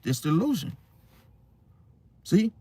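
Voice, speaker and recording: A man hosting a casual astrology monologue, talking in an animated way and often asking his listeners "See?". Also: high-pitched, slow, breathy edge, no echo, clean studio sound. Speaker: host.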